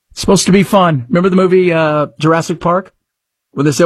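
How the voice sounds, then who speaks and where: A male radio talk host who rambles conversationally and breezes through sponsor reads. His voice is husky and a little high. It is recorded dry and close in a studio. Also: no echo. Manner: rambling, conversational, quick ad patter.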